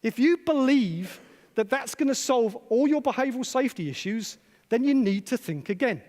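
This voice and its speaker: A man delivers a conference keynote in a hall with a long, ringing reverb. His voice sits high for a man, and he challenges the crowd with rhetorical questions. He repeats his key phrases for emphasis. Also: animated, moderate pace, darkish tone. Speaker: conference speaker, psychologist.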